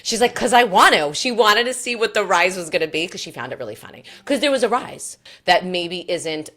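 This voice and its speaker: A woman in her thirties, a comedian guest in a casual chat, telling expressive stories and quick to laugh. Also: mid-range voice.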